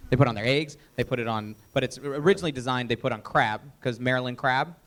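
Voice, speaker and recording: A man presenting a live sales training workshop, energetic and emphatic, often quizzing the audience. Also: mid-range voice, quick pace.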